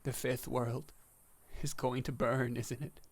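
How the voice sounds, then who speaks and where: A man's voice: mid-range voice, flat delivery, slow pace. A man voicing Quetzalcoatl, a fallen male god who is grieving, speaking in broken, tearful pleas in a tabletop game. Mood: sobbing.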